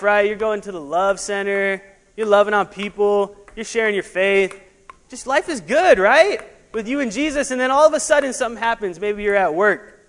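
A man preaching an animated sermon as a pastor, laughing at himself and sometimes short of breath. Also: sits high. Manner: animated, laughing asides, juggling while preaching. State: out of breath at times. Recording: long hall reverb.

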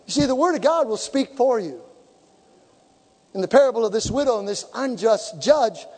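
A man preaching a sermon, telling stories and acting out dialogue, sometimes shouting for emphasis. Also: high-pitched. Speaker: pastor. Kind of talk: sermon with storytelling. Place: church sanctuary. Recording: hall reverb.

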